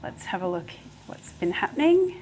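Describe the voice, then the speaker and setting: A woman's voice: on the low side, very animated, moderate pace, a little mellow, a little hiss or hum. A woman in her thirties hosting a casual cooking demonstration, chatty and enthusiastic as she cooks and tastes. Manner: chatty, enthusiastic, talks with mouth full while tasting. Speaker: cooking show host. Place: home kitchen.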